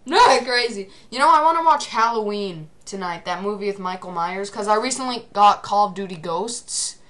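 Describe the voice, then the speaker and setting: A teenage girl giving excitable gameplay commentary, often shouting at the game. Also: medium pitch, normal speed.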